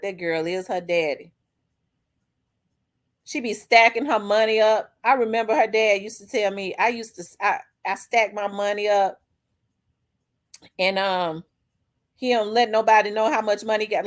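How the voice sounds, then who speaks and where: A middle-aged woman, hosting a vlog and telling a story in a blunt, profane, animated way. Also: medium pitch. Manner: blunt, profane, animated, acts out quoted people. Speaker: vlog host. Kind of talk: candid storytelling monologue.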